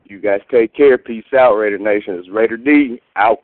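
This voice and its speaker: Brief: male caller, thrilled and foul-mouthed, slightly low voice, phone-line sound. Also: moderate pace, a little hiss or hum. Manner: excited, swearing constantly. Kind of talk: phoned-in voicemail to a fan show.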